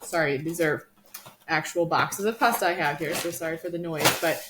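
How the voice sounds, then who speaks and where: A woman's voice: deep voice, normal speed, fairly bright tone, slight background noise. A woman co-hosting a nutrition podcast, explaining in a casual, informative way with many ums. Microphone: studio microphone.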